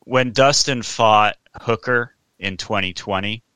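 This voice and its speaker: A man's voice: on the low side, slow, pushed and bright, smooth, no echo. A man co-hosting a casual podcast, blunt and casually swearing. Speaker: podcast co-host.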